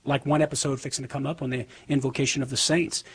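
A man's voice: mid-range voice, flat delivery, fast, breathy edge. A man with a Southern US accent, a guest on a call-in radio show, explaining things in an easygoing way. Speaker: guest apologist. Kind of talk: casual radio interview talk.

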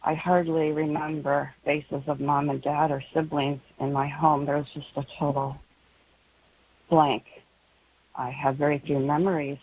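A woman calling in to a radio show who talks haltingly, with many pauses and ums, emotionally strained. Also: low-pitched, level tone, darkish tone, a little hiss or hum, low-quality recording. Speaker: radio caller. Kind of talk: call-in radio conversation.

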